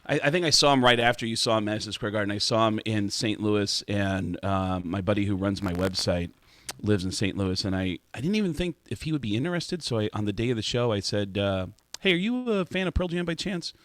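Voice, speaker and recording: A man with a fairly low voice spins backstage anecdotes as a guest on a radio show. He acts out the back-and-forth of each exchange, and the sound is close and dry. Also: brisk, no room sound. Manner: animated anecdote teller, acts out dialogue. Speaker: comedian guest. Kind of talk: casual studio chat. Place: radio studio.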